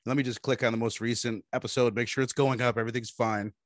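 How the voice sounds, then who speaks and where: Animated casual young man, dry sound. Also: medium pitch, fast talker, no room sound. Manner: animated storyteller, says "bro" and "dude". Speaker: podcast host. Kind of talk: casual chat.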